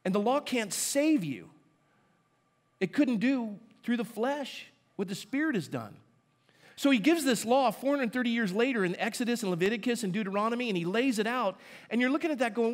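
Male pastor, fairly high voice, chatty sermon delivery with rhetorical questions. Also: expressive, normal speed. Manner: conversational preaching with rhetorical questions; asides to the congregation.

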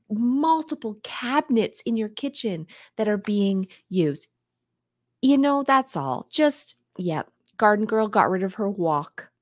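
A woman's voice: a little high, a little mellow, no room sound, studio quality. Chatty woman hosting a live stream. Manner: chatty, playful, frank. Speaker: decluttering livestream host. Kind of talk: casual livestream chat reading comments.

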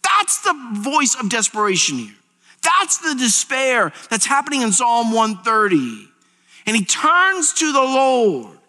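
High, bright-voiced man preaching in a hall. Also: sing-song, unhurried. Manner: storytelling with humor, rising to impassioned preaching. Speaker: senior pastor. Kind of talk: sermon. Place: church sanctuary. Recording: church sanctuary reverb.

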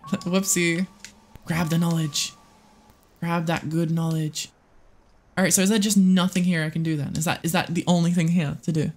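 Excitable, swearing game streamer. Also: medium pitch, moderate pace, long pauses. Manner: excitable and swearing, chatting with viewers; rambling with frequent restarts and self-talk. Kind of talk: live game-stream commentary.

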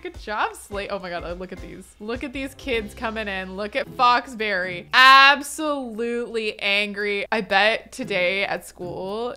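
A woman's voice: fairly high pitch, bright, forceful tone. A young woman giving casual, playful commentary while she plays a life-sim game, often speaking her characters' thoughts aloud. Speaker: gaming host. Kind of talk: casual let's-play commentary.

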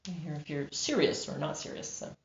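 An expressive woman with a slightly low voice talks about her work as an audiobook narrator and producer, laughing often. The recording is roomy and echoey, with a dull, muffled tone. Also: brisk, a little hiss or hum. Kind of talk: interview conversation.

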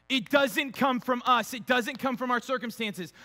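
A man's voice: very high-pitched, normal speed, few pauses, long reverb tail. A young man preaching a casual, humorous sermon as pastor, acting out quotes in playful voices. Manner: animated, acts out quotes with funny voices.

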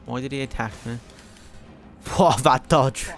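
A young man streaming a game with friends, swearing, laughing and shouting in excitable outbursts. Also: medium pitch, unhurried, faint music behind. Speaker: gaming streamer. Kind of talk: casual gameplay commentary with friends.

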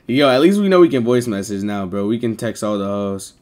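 Male streamer, casual live chat, heavy slang and cursing, middle-pitched voice. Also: moderate pace, a little mellow. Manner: slangy, swearing, rambling talk to chat. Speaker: livestreamer.

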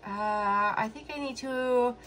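A woman doing a casual solo tarot reading. She feels emotional and talks slowly and hesitantly, thinking aloud as she goes. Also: on the high side, a bit bright, slight background noise. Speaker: tarot reader.

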